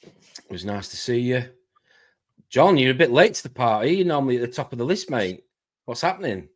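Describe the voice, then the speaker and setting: A man hosting a casual live stream, chatting quickly and greeting viewers by name. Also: medium pitch, big pitch swings. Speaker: host.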